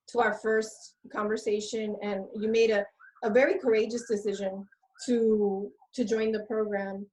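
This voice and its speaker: A woman's voice: on the high side, darkish tone, poor audio. A woman co-hosting a live online coaching event, earnest and affectionate, near tears as she thanks a client. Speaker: co-host, love coach. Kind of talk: warm emotional live webinar talk.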